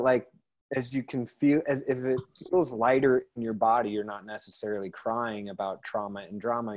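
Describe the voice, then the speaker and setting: A man's voice: fairly low pitch, darkish tone, poor audio. Easygoing man explaining over a call. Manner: easygoing, rambling, with many fillers. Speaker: co-host of an online class. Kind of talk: relaxed explanatory talk. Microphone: video call.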